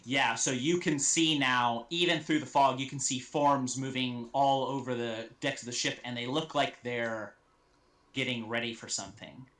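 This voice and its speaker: A man narrating a tabletop game as game master, halting with many ums and restarts. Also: medium pitch, fairly even intonation, a bit bright.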